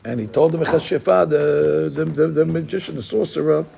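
A man's voice: a little high, fairly quick, vocal fry, mellow. A middle-aged man, a rabbi, gives an informal Torah class, talking conversationally with digressions and many restarts.

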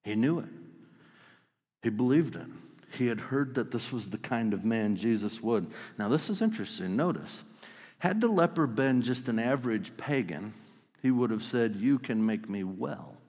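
A man preaching a sermon, telling the story vividly and swinging between loud outbursts and hushed lines. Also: medium pitch, lively intonation, moderate pace, in a large hall. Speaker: pastor.

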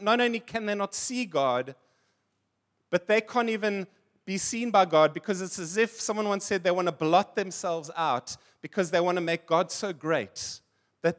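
A man with a notably high-pitched voice delivers a sermon to his congregation. He preaches in an easy, conversational way, breaking off into humorous stories and chuckling along with them. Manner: conversational preaching, tells funny anecdotes and laughs. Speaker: pastor.

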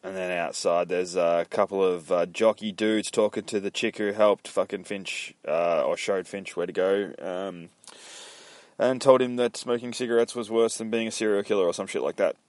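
Young guy swearing his way through a comic recap, real low voice, dry close sound. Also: fairly even intonation, normal speed, darkish tone, dry recording. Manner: profane, loose and rambling. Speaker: comic book reviewer. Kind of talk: casual comic retelling.

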